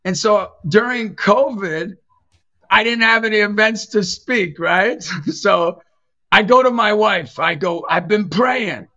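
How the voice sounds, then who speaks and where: A man's voice: high-pitched, takes it slowly, highs cut off. A middle-aged man, a Catholic evangelist and youth basketball coach, telling stories in a casual chat and acting out the voices of the people in them. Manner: animated, acts out quoted voices in his stories. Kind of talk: casual storytelling in a podcast chat.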